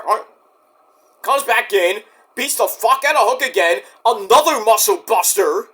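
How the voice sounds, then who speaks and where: Male wrestling reviewer, high and bright voice, excitable and profane recap delivery. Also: a little slow, slightly rough. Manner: excitable, profane, storytelling rant. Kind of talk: casual recap commentary.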